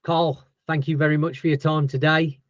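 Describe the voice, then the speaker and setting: A man's voice: a little high, level tone, moderate pace, no room sound, muffled recording. A man with a Yorkshire accent hosting a casual interview podcast, chatty and jokey with his guests. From Yorkshire, England. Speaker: podcast host.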